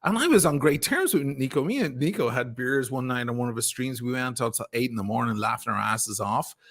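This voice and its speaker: A man on a livestream call, venting in a fast, profane rant. His pitch sits in an ordinary middle range, and he pushes hard as his anger builds. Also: expressive, fairly bright tone. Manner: angry, profane, ranting. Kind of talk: heated livestream chat.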